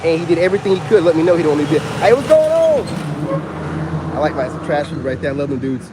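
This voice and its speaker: A man, rambling through a personal story in a casual, animated monologue. He keeps coming back to "you know what I'm saying". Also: on the high side, rapid-fire, noisy background. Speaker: self-styled spiritual vlogger.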